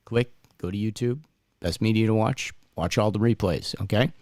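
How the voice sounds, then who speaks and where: A man's voice: fairly low pitch, normal speed, darkish tone, no echo, studio quality. A man co-hosting a casual referee talk stream, chatty and plugging the channel. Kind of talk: casual live-stream chat.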